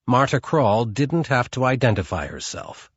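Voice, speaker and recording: A man narrating an audiobook in a measured, scripted read. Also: medium pitch, sing-song, breathy edge, no echo, highs cut off.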